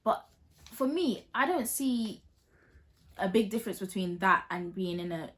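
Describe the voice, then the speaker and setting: A woman's voice: mid-range voice, animated, measured pace. A young woman hosting a casual couple Q&A vlog, chatty and laughing often. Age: young adult. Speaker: vlog host.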